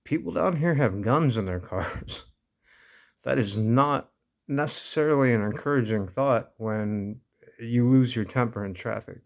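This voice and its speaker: A man's voice: medium pitch, a little slow, vocal fry. A man casually telling a personal story, laid-back and amused, often breaking into laughter. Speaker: vlogger.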